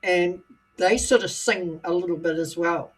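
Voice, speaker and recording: A woman's voice: on the low side, measured pace, slight background noise. A woman from New Zealand with a Scottish-tinged accent, co-hosting a livestream in a chatty way and laughing often. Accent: New Zealand with a Scottish lilt. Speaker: co-host. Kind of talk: casual livestream chat.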